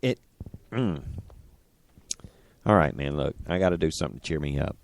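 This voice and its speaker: A man hosting a political talk radio show, talking in an animated, indignant and sarcastic way into a studio microphone. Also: very deep voice, normal speed, vocal fry, no echo.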